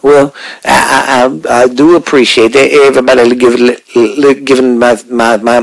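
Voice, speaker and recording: Man voicing a folksy jive-talking country uncle, stammering sign-offs, middle pitch. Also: natural voice, rough recording. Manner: rambling, stammering, jive slang. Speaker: podcast co-host.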